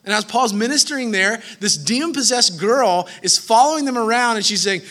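A man preaching a lively sermon, telling a story casually and acting out the characters in quick voices. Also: sits high. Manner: animated, acts out characters in quick voices, swings from hushed to loud; casual slangy speech.

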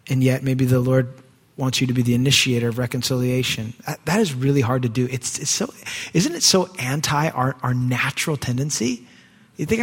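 A male pastor preaching a sermon in a church, conversational, swinging from quiet asides to raised emphasis. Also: mid-range voice, brisk, husky. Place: church sanctuary. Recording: long hall reverb.

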